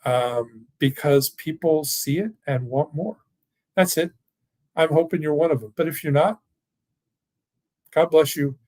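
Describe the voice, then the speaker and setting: A man's voice: on the high side, unhurried, long pauses, a little mellow, dry recording. Enthusiastic man hosting a webinar. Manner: enthusiastic, rambling, folksy. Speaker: financial firm owner hosting a webinar. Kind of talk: casual webinar talk with live Q&A. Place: home or office, online workshop.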